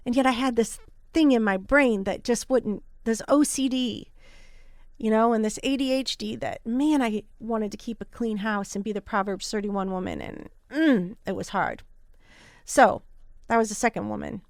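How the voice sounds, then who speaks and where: A woman in her thirties hosting a podcast, telling a personal story in a candid, earnest and animated way. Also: fairly high pitch, normal speed, dry recording, studio quality. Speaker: podcast host.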